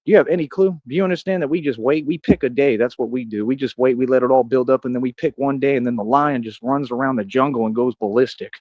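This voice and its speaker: A man's voice: medium pitch, fast talker, hardly any pauses, dry recording, highs cut off. A man streaming a rambling monologue, boastful and confrontational, full of street slang and tough talk. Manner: coos softly at a cat.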